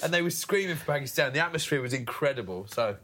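An English man co-hosting a cricket chat, telling lively stories and mimicking crowd voices. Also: medium pitch, quick pace. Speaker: cricket podcast co-host, former England player. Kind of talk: casual chat.

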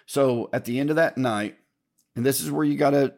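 An older man hosting a podcast tells a long personal story, casual and rambling, with restarts, mild swearing and repeated asides addressed to "folks." His medium-pitched voice is creaky and darkish, at a moderate pace.

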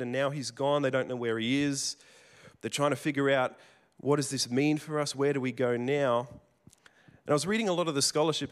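A man's voice: mid-range voice, smooth. A man preaching a sermon in a conversational storytelling way, with casual restarts and asides. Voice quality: plain working tradesman's speech.

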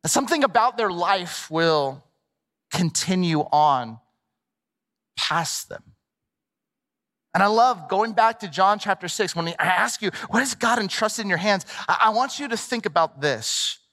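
A middle-aged male pastor preaching a sermon in a lively, conversational way with playful asides. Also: high-pitched, a little slow. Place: large church hall. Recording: long reverb of a large hall.

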